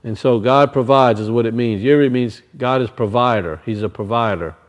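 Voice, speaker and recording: A male preacher reading scripture and explaining it, often restarting his sentences. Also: mid-range voice. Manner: reads scripture slowly, then explains it with frequent restarts.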